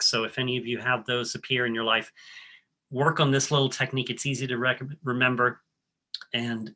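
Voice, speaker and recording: Bright-voiced man coaching a breathing exercise. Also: medium pitch. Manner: coaching, leads the audience step by step; friendly, with frequent ums and restarts. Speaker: workshop presenter. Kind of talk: guided breathing exercise and talk.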